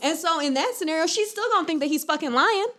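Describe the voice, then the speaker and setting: A woman co-hosting a casual podcast, giving blunt, profane advice in animated stories. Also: very high voice, quick pace. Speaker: podcast co-host.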